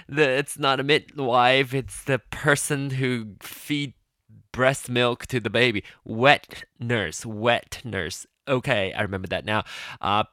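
A man hosts his own podcast, talking alone in loose, chatty fashion. His voice is bright and lively, leaping up and down in pitch as he trails off, apologizes and restarts. The sound is close and dry, with no room around it. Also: dry recording. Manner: rambling, apologetic, self-interrupting with fillers; chatty and animated. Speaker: podcast host. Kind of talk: casual solo podcast chat.

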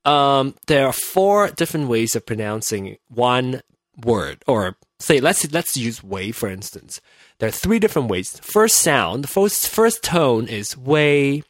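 A man's voice: medium pitch, big pitch swings, unhurried, no room sound, clean studio sound. A man whose first language is Mandarin, hosting a casual solo podcast from home, rambling and self-interrupting as he explains things and laughing easily. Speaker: podcast host.

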